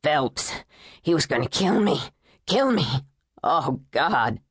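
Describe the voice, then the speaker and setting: Woman narrator playing a scared captive man, shaky, pleading, lowered voice, dry close sound. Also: very animated, slow pace, slightly rough, dry recording, exaggerated voice. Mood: shaken. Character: frightened man held captive, panicked. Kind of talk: audiobook character voice.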